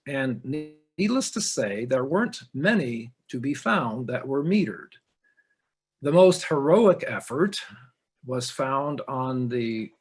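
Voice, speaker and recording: A middle-aged man delivers a measured webinar lecture on sacred music, pausing often to find his words. His voice is a little husky and his pace unhurried, heard through a computer microphone on a video call. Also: medium pitch. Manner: measured, explanatory, frequent "uh" hesitations.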